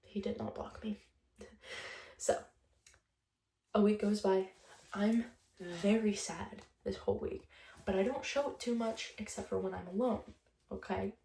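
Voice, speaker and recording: Chatty young woman, gravelly voice. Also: medium pitch, a little slow, long pauses, mellow, echoey room, distant mic. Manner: chatty, blunt, swears freely, laughs often. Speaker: vlogger. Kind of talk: casual storytime vlog.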